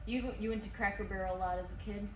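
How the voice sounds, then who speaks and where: A woman's voice: medium pitch, fairly even intonation, quick pace. A woman tasting whiskey and chatting in a bubbly way, laughing often. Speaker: whiskey taster. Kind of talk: casual tasting chat. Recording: echoey room with noise.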